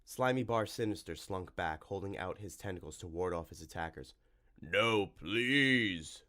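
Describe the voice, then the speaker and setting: Man, audiobook narrator, wry lively storytelling, fairly low voice. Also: a little fast. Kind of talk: audiobook reading.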